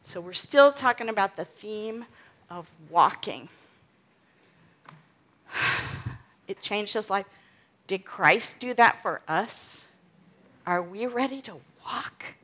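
Woman teaching scripture, slow and conversational. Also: medium pitch, expressive, a bit bright. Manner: reads scripture aloud with emphasis, then explains casually with "okay?" and "right?". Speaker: Bible teacher. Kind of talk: informal Bible teaching.

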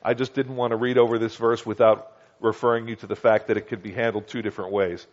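Preacher man teaching scripture, lo-fi recording. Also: flat delivery. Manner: conversational, asks listeners "Okay?" and "do you understand?"; reads scripture slowly and acts out quoted voices higher. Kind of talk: expository Bible teaching. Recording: dull lo-fi recording.

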